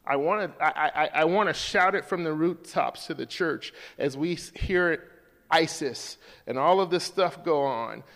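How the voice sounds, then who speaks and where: A male pastor preaching a sermon to his congregation, swinging from hushed lines to loud, high calls. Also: measured pace, long reverb tail.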